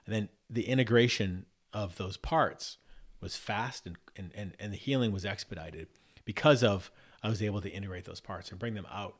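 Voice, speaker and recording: A man's voice: lowish voice, moderate pace. A man talking in a casual podcast conversation, reflective, often restarting and repeating words as he works through ideas. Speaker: podcast guest.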